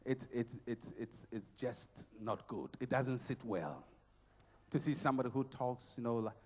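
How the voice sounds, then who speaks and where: A middle-aged man preaching a motivational sermon at a conference. He is emphatic and repetitive, swinging between shouts and quiet passages. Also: mid-range voice, lively intonation, a little slow, a little hiss or hum.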